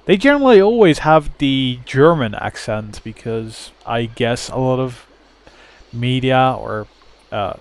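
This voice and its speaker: A man commentating on a game he plays, sounding baffled, sarcastic and rambling. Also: medium pitch. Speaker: gamer commentating. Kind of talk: let's play commentary.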